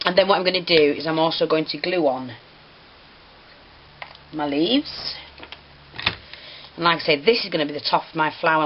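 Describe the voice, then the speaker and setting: A woman with a notably low voice talks through a hands-on craft tutorial. Her manner is chatty and apologetic, and she is easily set off giggling. The recording is a little dull, with a faint hiss underneath. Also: normal speed, pauses often. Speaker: craft teacher.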